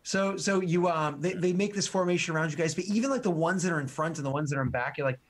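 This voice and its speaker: A man's voice: a little high, fast, few pauses. A man narrating as game master, rambling with many fillers and restarts.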